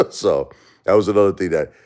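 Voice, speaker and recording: A man with a Brooklyn accent hosting a livestream, chatting casually with viewers and telling animated, rambling stories that often repeat themselves. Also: deep voice, moderate pace. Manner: animated, rambling storyteller who repeats himself. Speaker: livestream host. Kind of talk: casual chat answering viewers.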